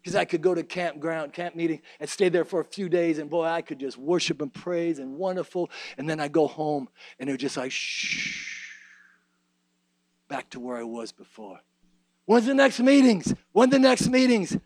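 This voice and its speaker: A man preaching a sermon, swinging between hushed low asides and shouted, sing-song preaching. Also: steady tone, a little fast, hardly any pauses, no room sound.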